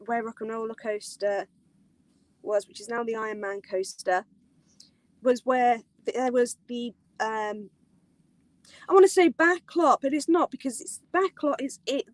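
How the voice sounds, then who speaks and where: A woman with a high, bright-toned voice hosts a casual live-stream chat. She rambles excitedly, giggles often and leans on lots of fillers. The sound is dry and close to the mic. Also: dry recording, low-quality recording. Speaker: host of a live theme park chat.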